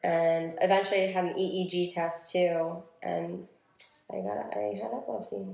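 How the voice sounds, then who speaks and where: A woman's voice: fairly low pitch, fairly even intonation, normal speed, vocal fry, darkish tone, reverberant. A woman in her twenties telling a personal story in casual chat, full of filler words, recorded on a phone. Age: 20s. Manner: chatty storytelling with many "like" fillers.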